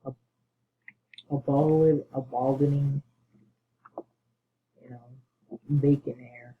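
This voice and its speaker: A man giving excitable gaming commentary, bursting into panicked yelling and muttering asides under his breath. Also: medium pitch, extremely slow. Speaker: gamer. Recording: tinny phone-like mic with faint hiss.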